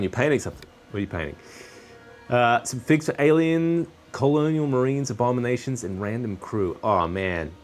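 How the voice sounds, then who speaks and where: A man hosting a casual live stream while crafting, chatting in a rambling, self-correcting way. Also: mid-range voice. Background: faint background music.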